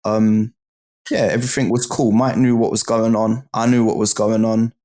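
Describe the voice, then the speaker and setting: A man's voice: on the low side, little pitch movement, moderate pace, warm tone. A man with a British accent, a guest in an interview, telling stories in a casual, slang-heavy way and often asking "do you know what I mean". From United Kingdom.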